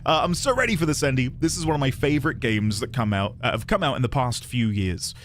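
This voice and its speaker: A man's voice: mid-range voice, lively intonation, quick pace, fairly bright tone. A young man streaming a game, chatting casually and reading his viewers' messages aloud with playful mock outrage. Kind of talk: casual live-stream chat greeting viewers. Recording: faint music underneath.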